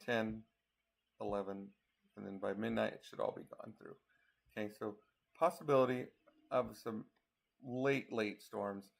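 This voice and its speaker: Male storm chaser from Colorado, gravelly, tired, casual live forecast talk. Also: on the low side, steady tone, measured pace, pauses often. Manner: talks through model maps, counting hours aloud. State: tired, yawning. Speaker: storm chaser giving a weather update. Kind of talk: casual live weather briefing.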